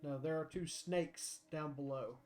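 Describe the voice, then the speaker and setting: A man's voice: fairly high pitch, steady tone, unhurried, darkish tone, soft background music. A man narrating a tabletop game as game master, casual with frequent fillers.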